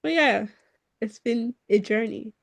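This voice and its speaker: A young Nigerian woman, a guest on a podcast, chats casually and laughs often as she acts out little quotes. Her voice is fairly high and creaky, and she speaks unhurriedly.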